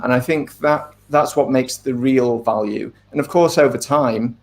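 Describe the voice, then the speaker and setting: A middle-aged man, an author being interviewed, talking in a thoughtful, measured way with frequent ums and asides. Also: medium pitch, a little mellow. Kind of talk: casual interview talk.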